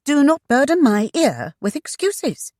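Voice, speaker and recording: A woman voicing a haughty, sharp-tongued young heiress who gives orders without pause. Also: medium pitch, sing-song, no echo, clean studio sound, pitched above the performer's own voice. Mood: indignant. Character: haughty young lady estate heiress, fiery.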